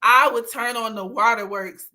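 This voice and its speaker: A young woman talks in a bright, slightly high voice, chatting casually on a livestream. She tells candid stories with a lot of laughter and breaks now and then into exaggerated, teary mock pleading. Her delivery is loose and unfiltered. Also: steady tone, normal speed. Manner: candid storytelling with frequent laughter; swings into dramatic, teary mock outbursts. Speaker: livestream host. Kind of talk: casual chat.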